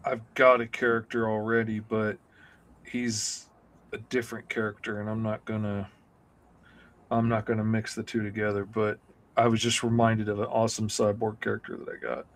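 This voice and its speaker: A man talking casually on a comics livestream in an ordinary middle-pitched voice. He tells stories of his drawing habits with a joking, self-deprecating edge. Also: flat delivery, normal speed, pauses often. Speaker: comic artist co-host.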